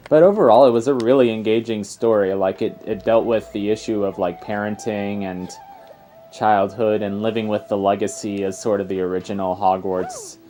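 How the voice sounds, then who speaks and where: A man's voice: fairly low pitch, fairly even intonation, normal speed, mellow. A young man giving casual, rambling gameplay commentary as a let's player. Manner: rambling and chatty, full of fillers and tangents. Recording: game music faintly behind. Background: faint game music.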